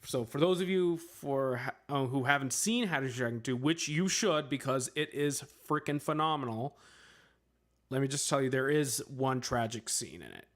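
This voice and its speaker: A man's voice: mid-range voice, expressive, normal speed. A man chatting casually on a livestream, answering questions in a rambling way, with lots of filler words, and joking at his own expense. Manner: playful, laughs at himself. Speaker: streamer answering chat questions.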